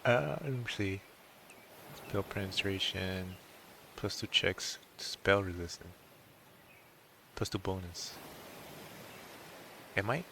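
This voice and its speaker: A man playing a tabletop game, thinking aloud in a low-key way. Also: slow, creaky, pauses often, noisy background. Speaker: player. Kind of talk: casual tabletop chat.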